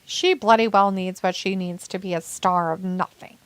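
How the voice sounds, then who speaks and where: A woman's voice: mid-range voice, fairly even intonation, moderate pace, smooth, no echo. A woman hosting a casual watch-along stream, reading chat messages aloud and laughing often. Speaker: stream host.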